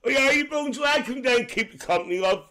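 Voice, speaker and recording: A man's voice: extremely high pitch, expressive, fairly quick, bright, forceful tone, heavily acted. A man voicing a cheeky, gossipy middle-aged Northern Irish aunty who chats with live-stream viewers and calls them dear. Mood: chatty. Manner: chatty, calls everyone dear, laughs often. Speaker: livestream host.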